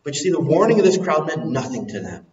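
A man preaching a sermon, dropping soft and low, then rising loud and emphatic. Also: very animated, fast talker. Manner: swings from soft and low to loud and soaring, sings a hymn line. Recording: echoey hall, recorded from a distance, muffled.

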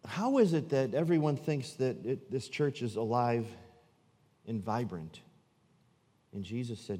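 A man preaching a sermon as pastor, swinging from loud, emphatic lines to low, hushed ones. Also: lively intonation, unhurried, big-room sound.

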